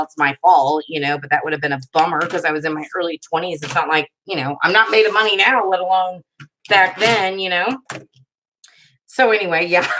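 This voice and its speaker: A woman's voice: fairly low pitch, bright, forceful tone, rough recording. A woman in her thirties hosting a live paper craft video, chatting and telling rambling stories while she works and laughing often. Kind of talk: casual chat during a live crafting stream.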